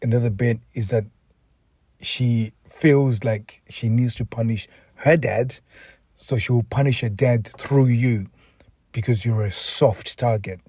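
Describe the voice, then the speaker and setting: Emotionally drained, this man talks earnestly on his solo podcast as a relationship coach, frequently restarting sentences and repeating words. His mid-range voice is unhurried, a little mellow and husky, recorded dry.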